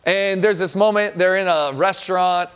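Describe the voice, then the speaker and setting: A man's voice: sits high, steady tone, normal speed, fairly bright tone, smooth. A man around forty preaching a sermon as a pastor, earnest and emphatic, repeating phrases for effect.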